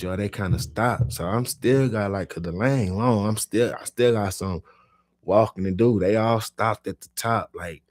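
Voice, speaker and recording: A young man telling a profane street story in casual talk, swinging between low mutters and loud animated bursts. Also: dry recording. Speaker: podcast storyteller.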